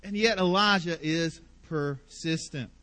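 High, bright-voiced preaching man. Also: a little slow. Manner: emphatic, repetitive, passionate preaching. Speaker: pastor. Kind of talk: sermon.

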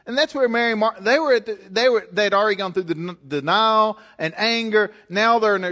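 A man's voice: high voice, fairly quick, few pauses, pushed and bright. A male preacher delivering a conversational sermon, speaking with emphasis and direct exhortation.

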